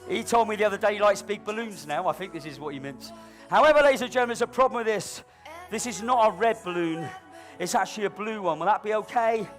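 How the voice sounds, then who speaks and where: A man's voice: sits high, animated, fast talker, fairly bright tone, soft background music. A middle-aged man doing live stage comedy as a balloon performer, with cheeky, cajoling banter aimed at an audience volunteer.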